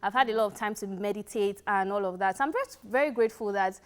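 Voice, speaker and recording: A woman's voice: mid-range voice, quick pace. A young Nigerian woman co-hosting a TV show, speaking earnestly and reflectively with frequent "um" and "you know". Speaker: TV show co-host. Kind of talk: casual studio chat.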